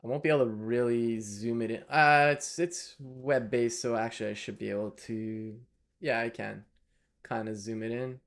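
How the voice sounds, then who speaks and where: A man's voice: mid-range voice, fairly even intonation, normal speed. A man, live-streaming while he codes, thinking aloud and chatting with viewers in a casual way.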